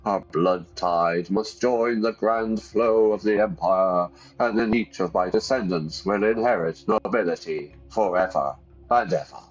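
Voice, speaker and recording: A man's voice: deep voice, measured pace, muffled recording. A man voicing the ghost of a stern noble male ancestor, speaking solemnly and demanding obedience from his descendants.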